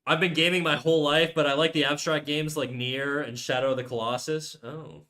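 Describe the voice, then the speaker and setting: A man's voice: fairly high pitch, steady tone, a little fast, bright, forceful tone. A young man chatting casually on a live stream, joking crudely and rambling with frequent restarts. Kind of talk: casual livestream chat. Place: home room.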